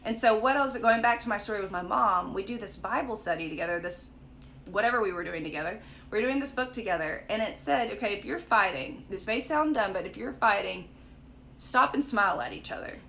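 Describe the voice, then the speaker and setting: A woman's voice: medium pitch, expressive, brisk, vocal fry, bright, forceful tone, a little hiss or hum. Chatty young woman leading a Bible study. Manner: chatty storytelling with frequent "like" and "right?". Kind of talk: casual livestream Bible study talk. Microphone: phone or webcam for a live stream.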